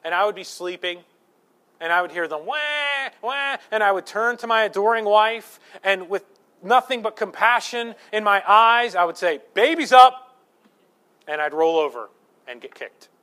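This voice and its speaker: A man in his thirties, a pastor preaching a sermon with lively storytelling and self-deprecating humor, swinging between loud emphasis and hushed asides. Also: high voice, moderate pace.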